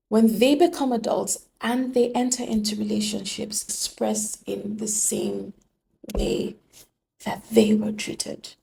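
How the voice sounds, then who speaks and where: A woman's voice: mid-range voice, steady tone, slow, gravelly, warm tone, a little hiss or hum. A woman giving an earnest, emphatic motivational monologue on relationships, full of rhetorical questions. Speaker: relationship speaker.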